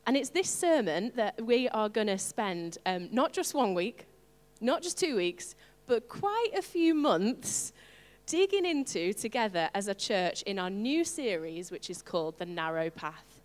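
A woman preaching a sermon to her congregation, animated and playful, with asides to the listeners. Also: mid-range voice, measured pace, in a large hall. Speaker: pastor.

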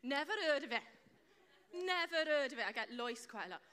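A woman preaches in a church hall to a live congregation, keeping it chatty and playful with jokes and quizzes for the audience. Her voice is high-pitched, expressive and sharp in tone, and she talks a little fast. You can hear her breathing on the close mic, which has no windshield.

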